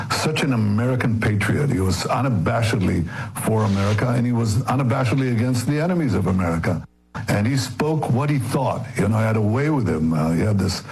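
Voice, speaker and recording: A man giving an earnest, halting tribute as an interview guest, often repeating himself. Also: on the low side, darkish tone, husky, rough recording.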